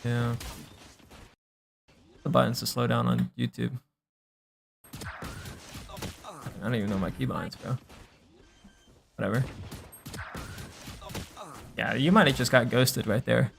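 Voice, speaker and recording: A young man with a gravelly, creaky edge talks through gameplay on a stream, coaching in a loose, unhurried way. He thinks aloud, trails off into fillers and drops the occasional swear. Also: medium pitch, noisy background. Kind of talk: casual gameplay review.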